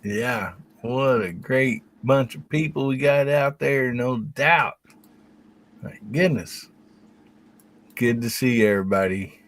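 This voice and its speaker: A man's voice: medium pitch, takes it slowly, a bit bright. A man hosting a casual livestream chat, introducing each guest in a folksy way. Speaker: host.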